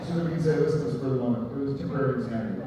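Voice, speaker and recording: A man's voice: mid-range voice, very fast. Joking man in a big echoey hall. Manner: joking, chatty storyteller. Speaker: actor on convention panel. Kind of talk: casual anecdote on stage. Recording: echoey hall, distant, dull lo-fi, noisy.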